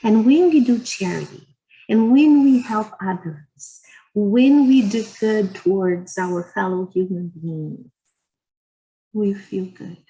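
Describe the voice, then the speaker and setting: Slow-spoken, gentle woman giving a lecture. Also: medium pitch, rough recording. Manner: earnest, gentle, speaks in short phrases. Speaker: guest speaker at a spiritist society. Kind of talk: religious lecture with personal stories.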